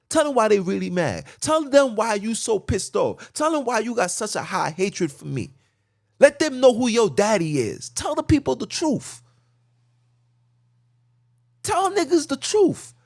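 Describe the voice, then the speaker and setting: A man's voice: high voice, no echo, studio quality. An agitated man ranting fervently from a car, preachy and repetitive as he hammers his points. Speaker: podcast host. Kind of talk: impassioned rant.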